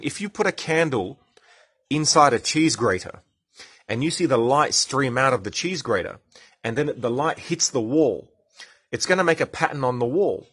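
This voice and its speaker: A man's voice: mid-range voice, fairly bright tone, husky. A man with an Australian accent hosting a casual science podcast, explaining with enthusiasm and chatting with live commenters. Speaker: podcast host.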